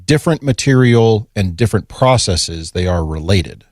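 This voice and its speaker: A man co-hosting a podcast in casual chat, quick and prone to stumbling restarts. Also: on the low side, animated, no echo, clean studio sound. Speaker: podcast co-host.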